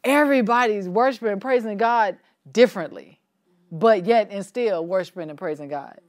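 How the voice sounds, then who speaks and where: A woman leading a church Bible study in a relaxed, conversational way, asking the group questions and laughing easily. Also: medium pitch, normal speed.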